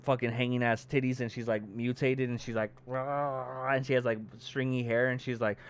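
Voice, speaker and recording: A podcast co-host with a clear, resonant, mid-range voice casually retells a movie plot at a fairly quick pace. He's an animated storyteller, acting out the characters' lines and cursing heavily.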